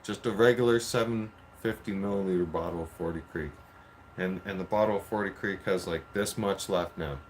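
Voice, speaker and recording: A man's voice: lowish voice, slight background noise. A man telling a story in a casual, profane rant, full of repeated "I'm like.". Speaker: vlogger.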